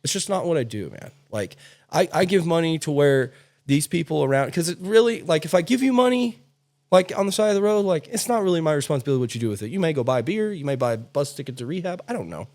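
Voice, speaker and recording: This podcast host, a man with a slightly high voice, talks fast in a casual chat. He spins animated, blunt stories and curses freely.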